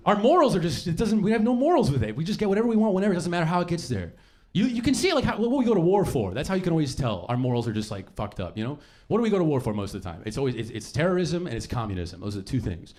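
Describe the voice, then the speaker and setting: Animated young man doing stand-up. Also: a little high, very fast. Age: young adult. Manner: animated, profane, bursts into shouted bits. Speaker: stand-up comedian. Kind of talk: stand-up comedy set. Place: comedy club stage. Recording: noisy live club recording. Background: audience laughter.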